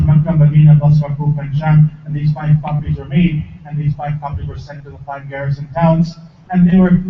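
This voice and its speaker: A man giving a lively mosque lecture, often quizzing the congregation. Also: a little high. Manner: lively, asks the audience questions. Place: mosque hall. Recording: distant, echoey, phone-like hall recording with faint noise.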